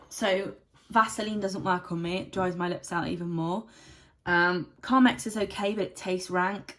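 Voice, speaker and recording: A woman's voice: medium pitch, fairly bright tone. A young woman giving a casual beauty product review, chatty and rambling with lots of "like" fillers. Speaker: beauty vlogger.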